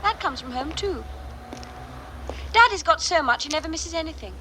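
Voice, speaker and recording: A woman's voice: high-pitched, expressive, moderate pace. An actress playing a spoiled, wealthy young Englishwoman who speaks in an airy, careless way. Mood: nonchalant. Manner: airy, nonchalant. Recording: film soundtrack with street noise.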